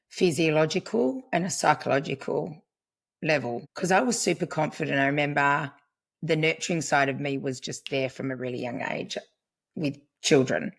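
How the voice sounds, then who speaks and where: A middle-aged woman, a podcast guest, speaking earnestly in a reflective conversation and quoting what she once said. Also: sits low. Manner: earnest, storytelling, quotes herself. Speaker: podcast guest, family constellations practitioner.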